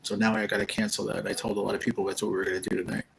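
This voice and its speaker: Male streamer with a gravelly, lowish voice who tells loose, rambling stories while chatting with viewers. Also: level tone, rapid-fire, a little hiss or hum, rough recording. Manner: rambling, storytelling, retells conversations. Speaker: live-stream host. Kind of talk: casual live-stream chat. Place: rehab care facility room.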